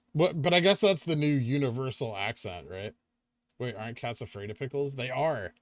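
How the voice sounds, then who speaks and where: Animated and at normal speed, a man with a mid-range voice and Californian accent hosts a live trading stream, chatting casually and responding to questions from chat.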